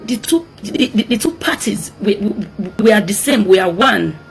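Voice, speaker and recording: A woman's voice: mid-range voice, expressive, normal speed, vocal fry, soft background music. A woman from Edo State with a Nigerian accent, making an emotional, pleading appeal for peace and repeating her words often.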